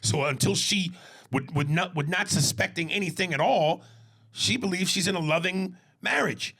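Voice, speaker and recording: A man's voice: high voice, normal speed, vocal fry, sharp tone, husky. A man co-hosting a podcast in casual chat, reflective, often answering with "right". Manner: frequent "right" agreements, reflective. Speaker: podcast co-host.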